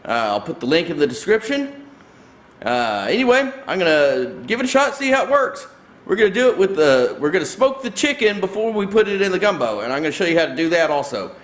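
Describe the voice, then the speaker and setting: Male cooking host, high voice, laid-back folksy demo delivery. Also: brisk. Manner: relaxed, folksy, talks viewers through each step. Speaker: host of a barbecue cooking channel. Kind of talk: casual cooking demonstration.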